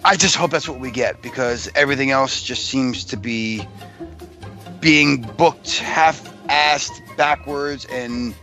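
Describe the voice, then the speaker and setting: A man co-hosting a wrestling podcast in casual chat, blunt and quick to get angry. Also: mid-range voice, pushed and bright, faint music behind. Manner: blunt, gruff, the angry one. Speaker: podcast co-host.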